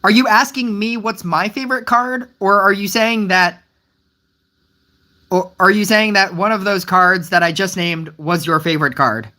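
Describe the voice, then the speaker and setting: A game streamer talks live to the chat in a loose, rambling way, often restarting sentences. The voice sits at a middling pitch, puzzled and wryly teasing the viewers. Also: steady tone, moderate pace. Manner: wry, gently teasing the chat.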